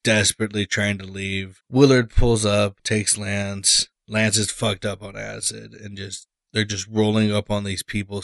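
A man with a low voice talks through a film on a podcast, loose and profane, full of "like" and "you know." The sound is dry and close, with almost no room around him. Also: gravelly, fairly bright tone, no echo. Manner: loose and profane, retelling scenes with lots of fillers. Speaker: podcast co-host. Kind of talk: casual movie discussion.

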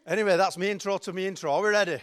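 A man's voice: high voice, steady tone, racing, clean tone. A middle-aged man preaching a sermon in a chatty, joking, self-mocking way. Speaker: pastor.

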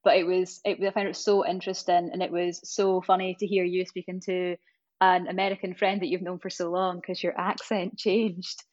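A young woman from Scotland's east coast rolls her R's as she chats animatedly on a podcast. She laughs quickly between her stories. Her audio is slightly dull and muffled. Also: fairly low pitch, flat delivery, a little mellow. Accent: east coast Scottish, rolled R's. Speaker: podcast co-host. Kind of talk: casual podcast chat.

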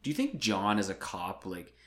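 Low-voiced man making wry asides. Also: wildly swooping pitch, normal speed, fairly bright tone. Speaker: podcast co-host. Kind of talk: casual movie recap chat.

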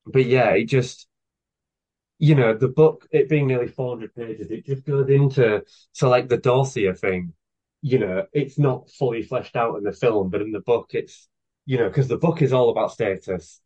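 A man's voice: mid-range voice, a little slow, warm tone. A man in his thirties, a guest author, chatting casually and enthusiastically with many fillers on a podcast. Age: 30s. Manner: rambling, filler-heavy, enthusiastic. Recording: dull lo-fi podcast audio.

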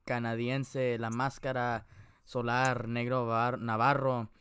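Smooth-voiced podcast host. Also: male voice, medium pitch, flat delivery, unhurried, no echo, studio quality. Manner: hypes and joking shout-outs, uses Mexican slang. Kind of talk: casual podcast chat.

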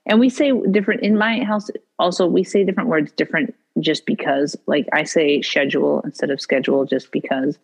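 A woman's voice: sits low, steady tone, a little fast, hardly any pauses, husky, low-quality recording. A middle-aged woman in casual chat, rambling and correcting herself as she talks. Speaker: podcast co-host.

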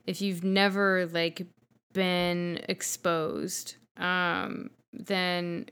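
A woman's voice: on the low side, level tone, drawn-out words, a bit bright, clean tone. A woman co-hosting a casual podcast over wine, talking frankly and rambling with some swearing. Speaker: podcast co-host.

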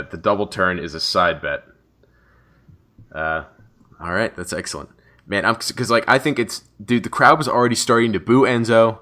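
A man with a deep voice and a bright, forceful edge, chatting casually as a show's co-host. He rambles excitedly, piles ideas on top of each other and swears freely. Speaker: podcast co-host. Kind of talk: casual chat about wrestling.

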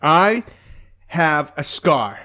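A man co-hosting a podcast, telling a story in casual chat, animated and laughing as he acts out what people said. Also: a little high, drawn-out words. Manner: animated, laughs through his own story, acts out quotes. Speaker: podcast co-host.

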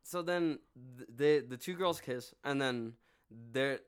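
A man co-hosting a podcast, swearing a lot and telling a reality-show story in animated detail. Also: mid-range voice, takes it slowly, smooth. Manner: profane, animated storytelling with quoted voices. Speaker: podcast co-host. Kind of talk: casual chat.

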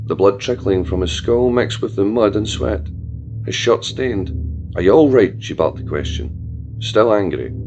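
A man narrating a dark fiction story in a slow, solemn, measured way. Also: fairly low pitch, vocal fry, dull audio. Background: music.

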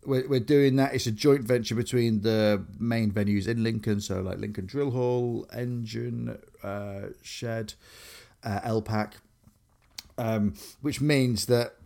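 A man's voice: medium pitch, steady tone, slow pace, vocal fry, dark tone. A young man from Grimsby, England, co-hosting a casual chat, rambling with lots of fillers and restarts. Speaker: podcast co-host.

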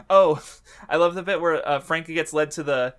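A man chatting casually as a podcast co-host, excitable, laughing often and swearing freely. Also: on the high side, moderate pace, clean tone. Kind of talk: casual chat.

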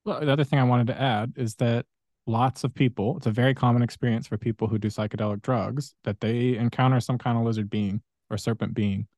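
A man's voice: mid-range voice, fairly even intonation, a little fast, a little mellow, dry recording, studio quality. A man hosting a podcast, telling long stories in a rambling, casual way with many fillers. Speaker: podcast host.

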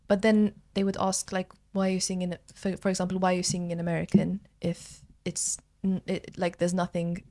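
A woman's voice: lowish voice, level tone, a little fast, hardly any pauses, warm tone. A young woman from Malta with a Maltese accent, a drama student chatting casually on a podcast and using lots of fillers. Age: young adult. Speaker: drama school student guest.

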